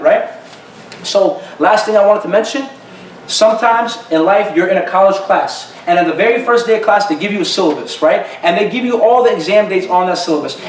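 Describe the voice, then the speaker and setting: A man's voice: sits high, a little hiss or hum. A young man giving a casual, slangy youth group talk, acting out little dialogues as he goes. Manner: slangy, animated, acts out dialogues. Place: room at a youth group gathering. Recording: roomy, mic at a distance.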